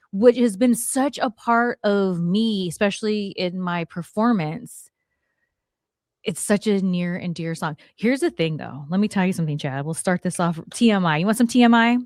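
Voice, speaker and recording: A woman in her forties hosting a talk show, telling a story in a lively way and acting out what people said. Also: medium pitch, normal speed, no echo, clean studio sound. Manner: animated, acts out quotes, swears it is true. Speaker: podcast host. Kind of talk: storytelling chat.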